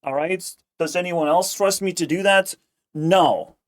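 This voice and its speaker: Streamer, male, slightly high voice, sarcastic, swears nonstop, rambles. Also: measured pace. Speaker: streamer reacting to a video. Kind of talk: casual profane rant.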